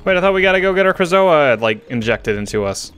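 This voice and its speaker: A man's voice: a little high, big pitch swings, fast talker, a bit bright, clean tone, faint music behind. A man streaming a video game, chatting casually with friends and laughing often. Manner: giggly, laughs often while playing. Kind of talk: casual let's-play chat.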